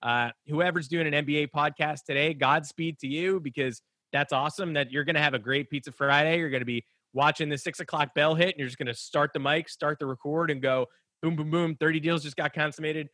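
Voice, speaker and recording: A man's voice: a little high, steady tone, brisk, sharp tone, no room sound. A man co-hosting a sports podcast, rambling and joking, with lots of restarts and fillers. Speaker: podcast co-host. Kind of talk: casual sports chat.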